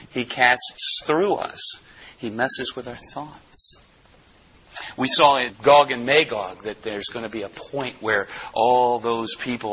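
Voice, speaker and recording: Bright-voiced man preaching, slightly muffled. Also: lowish voice, a little hiss or hum. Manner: animated Bible teaching, acting out quotes. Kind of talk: sermon.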